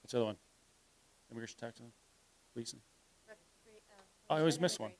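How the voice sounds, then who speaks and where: A man speaking on a live panel, arguing forcefully and sometimes trailing off while searching for words. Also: medium pitch, fairly quick. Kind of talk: live public panel talk. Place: live event hall.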